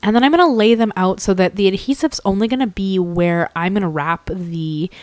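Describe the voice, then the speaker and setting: A young woman hosting a card-making tutorial in a rambling, chatty voice-over, a little hoarse from a cold and often clearing her throat. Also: mid-range voice, brisk, darkish tone, no room sound. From Canada.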